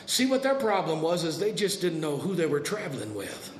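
A man pastor preaching a sermon to a congregation, swinging between soft and dramatic delivery. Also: a little high, sing-song, brisk, hardly any pauses, reverberant, noisy background. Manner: preaching with dramatic shifts, acting out voices. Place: church sanctuary.

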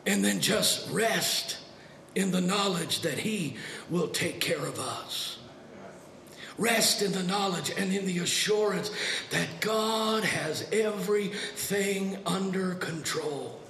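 A man pastor preaching a sermon to a congregation, swinging between soft and dramatic delivery. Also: high voice, takes it slowly, vocal fry, roomy sound. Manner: preaching with dramatic shifts, acting out voices. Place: church sanctuary.

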